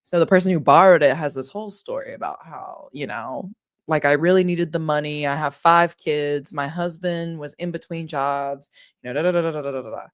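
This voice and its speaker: A young woman chatting casually, retelling a story with animated quoted voices. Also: low-pitched, brisk, clear, resonant tone. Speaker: co-host. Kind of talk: casual chat.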